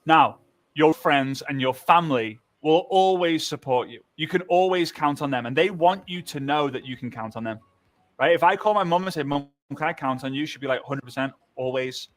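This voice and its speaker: A man's voice: fairly high pitch, moderate pace. A man coaches his audience. He jumps into playful mock dialogues, joking his way through his advice. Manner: animated, jokey, acts out sample dialogues. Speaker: sales coach in a clip. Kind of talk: coaching talk to camera.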